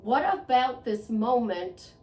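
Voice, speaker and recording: A woman's voice: fairly high pitch, very animated, takes it slowly, darkish tone. A woman speaking to the camera in a motivational monologue, earnest and conversational, repeating phrases for emphasis. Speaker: self-help vlogger. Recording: echoey room, voice a bit far from mic.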